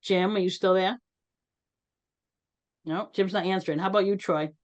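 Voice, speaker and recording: A woman's voice: mid-range voice, fairly even intonation, normal speed, muffled recording. A woman hosting an online community meeting, talking earnestly and conversationally and calling on participants. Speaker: host.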